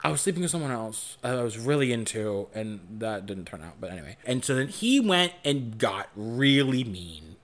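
Animated young man telling a story. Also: medium pitch, normal speed, hardly any pauses. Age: young adult. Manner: animated, swearing often, acts out quoted lines. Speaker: podcast co-host. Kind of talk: casual storytelling chat.

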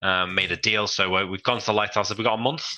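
A man's voice: on the low side, fairly even intonation, fast, pushed and bright, low-quality recording. Man doing a northern English recap narrator. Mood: dramatic. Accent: northern English, put on. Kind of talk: mock trailer-style recap narration.

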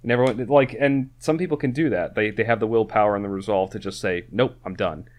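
A man with a low voice co-hosts a podcast in relaxed conversation. He rambles, restarts his sentences and fills pauses with "like" and "you know". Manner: rambling, many restarts and fillers. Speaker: podcast co-host. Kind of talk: casual chat.

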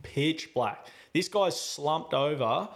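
A man hosting a podcast, telling a story in a casual, animated way and acting out his own lines. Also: fairly high pitch, slow pace. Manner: animated, acts out his own quotes loudly. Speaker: podcast host.

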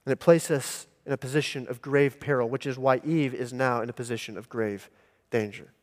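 A male pastor preaching a sermon in a deliberate, emphatic teaching manner. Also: mid-range voice, fairly even intonation. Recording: long hall reverb.

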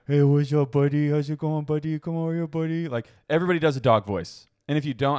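A man's voice: mid-range voice, a little mellow, dry recording, studio quality. A man co-hosting a podcast in casual chat, rambling, laughing often and swearing freely. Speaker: podcast co-host.

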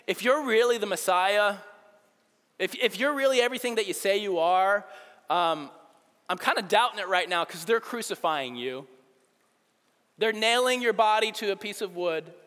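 Mężczyzna grający drwiącego, sarkastycznego przestępcę na krzyżu, w pogłosie sali. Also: male voice, sits high, normal speed, a bit bright. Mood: mocking. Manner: scoffing, sarcastic. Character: mocking male criminal on a cross. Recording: long hall reverb.

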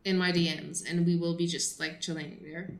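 A woman's voice: fairly low pitch, level tone, moderate pace, roomy sound. A woman co-hosting a podcast in casual chat, rambling and laughing, with lots of "like". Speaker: podcast co-host.

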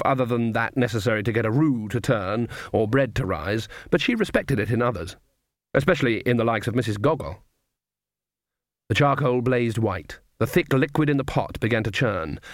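A man reads an audiobook aloud in measured, even storytelling. His voice sits in a middle pitch. The recording is dry, with no room sound. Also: no echo. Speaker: audiobook narrator. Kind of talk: scripted narration.

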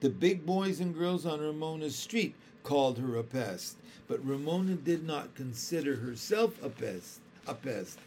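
A man reading a children's chapter book aloud in a calm, careful storytelling manner. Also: a little high, a little slow, few pauses, slight background noise. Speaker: storybook reader.

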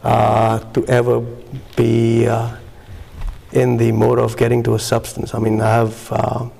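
A man shares his personal testimony at a recovery meeting. His voice is gravelly, and he stops often to search for words. His speech is full of fillers and pauses. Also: medium pitch, completely flat delivery, mellow. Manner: halting, many fillers and pauses.

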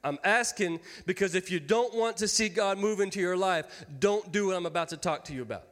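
A man's voice: sits high, fairly quick, a bit bright. A man in his thirties preaching a sermon as pastor, folksy and joking with his congregation. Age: 30s. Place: church sanctuary. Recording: long hall reverb.

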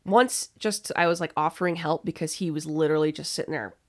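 A woman's voice: deep voice, brisk. A young woman co-hosting a podcast, telling work stories in a blunt, casual way and swearing freely. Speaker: podcast co-host. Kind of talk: casual chat.

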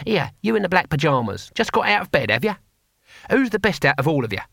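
A man's voice: a little high, big pitch swings, quick pace, creaky, fairly bright tone, dry recording, clean studio sound, heavily acted. A man doing a mocking elderly barbarian leader, blunt.

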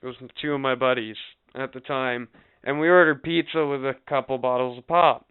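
A man from Canada tells a long profane story in a casual podcast, voice very smooth and clear though thin and phone-like. He acts out every person he quotes in an animated way. The sound is dry, with no room around it. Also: medium pitch, fairly quick, no room sound. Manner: animated, swears constantly, acts out quoted people. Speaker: podcast co-host. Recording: tinny phone-like audio.

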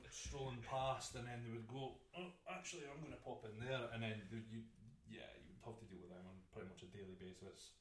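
A tattoo artist co-hosting a casual podcast, easygoing and wry, with the occasional casual swear. His voice is of ordinary pitch and sits a little away from the microphone. The room around him rings with echo. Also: fast, distant mic. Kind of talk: casual chat, storytelling. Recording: roomy echo, a bit off-mic.

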